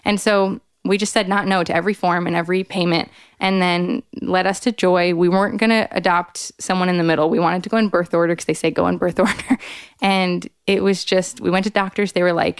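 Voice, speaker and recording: A woman in her thirties tells a personal story, smooth and clear in tone, in a dry close-miked sound. She talks earnestly and animatedly, filling her sentences with "like" and jumping in pitch when she acts out what others said. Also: fairly quick, no room sound. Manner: animated, acts out quoted voices with big jumps in pitch; frequent "like" fillers, earnest and expressive. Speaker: podcast guest, author. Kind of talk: candid storytelling in a conversation.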